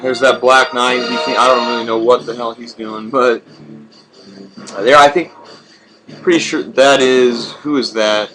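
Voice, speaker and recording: A man's voice: medium pitch, steady tone, a little slow, long pauses. Male walkthrough narrator, laid-back and foul-mouthed, over prominent game music. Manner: profane, rambling, laid-back. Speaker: video game walkthrough player. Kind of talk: casual gameplay commentary.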